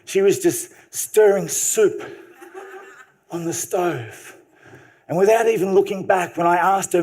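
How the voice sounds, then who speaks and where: Man, stage storyteller, funny and lively, high voice, live talk. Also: unhurried, long pauses. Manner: animated, humorous, vivid storytelling. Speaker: speaker.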